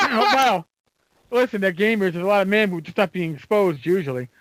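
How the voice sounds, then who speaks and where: In a high-sitting voice, this podcast co-host spins animated stories during casual conversation, stumbling through plenty of fillers and restarts. The recording has no room sound but is rough.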